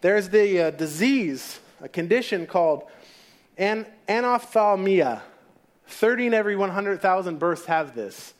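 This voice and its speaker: A man's voice: high-pitched, expressive, a little slow. A man preaching a sermon in a casual storytelling way, acting out the people in the story. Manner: casual storytelling, acts out voices.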